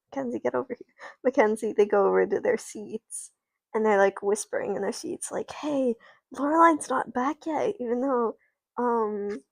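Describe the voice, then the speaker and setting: Slow, gravelly woman narrating doll play. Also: fairly high pitch, no echo. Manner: meandering, self-interrupting, laughing. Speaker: streamer. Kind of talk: rambling improvised doll play story on a livestream.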